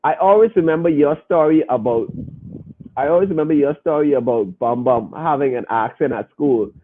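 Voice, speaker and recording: A man's voice: fairly high pitch, brisk. A man hosting a podcast in casual talk to his listeners, speaking emphatically and repeating phrases as he makes his point. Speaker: podcast host. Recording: tinny phone-line sound.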